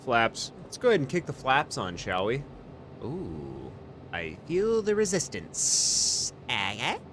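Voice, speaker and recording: A man doing a comedic role-play as an airline pilot in a flight game, panicky and profane, lurching between muttering and shouting. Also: mid-range voice, wildly swooping pitch, slow, a little hiss or hum. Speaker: flight sim streamer.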